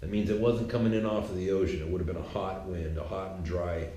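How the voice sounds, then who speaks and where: A man casually retelling a Bible story in a slangy, animated, conversational way. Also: low voice, quick pace. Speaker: podcaster. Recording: echoey room.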